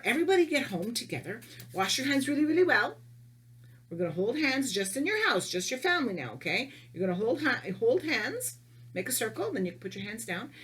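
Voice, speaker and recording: A woman's voice: a little high, a bit bright, slightly rough. A middle-aged woman teacher giving a playful video lesson to young children, laughing often and reading tongue twisters in a sing-song way.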